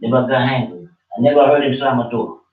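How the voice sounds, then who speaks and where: A man's voice: mid-range voice, fairly even intonation, quick pace. A man preaching a fiery street-style sermon, scolding and swearing, with phrases said again and again. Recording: muffled, distant, echoey room.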